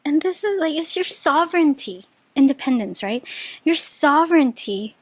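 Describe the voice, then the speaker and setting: High-voiced, gushing woman tarot reader. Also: normal speed, dry recording. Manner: gushing and excitable, with bursts of high-pitched delight and laughter; chatty, full of filler words and restarts. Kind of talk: casual pick-a-card tarot reading.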